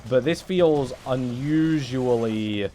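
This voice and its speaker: A man's voice: mid-range voice, slow, mellow, a little hiss or hum. A young English man on a casual livestream, rambling in a sarcastic, sweary way. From England. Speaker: streamer.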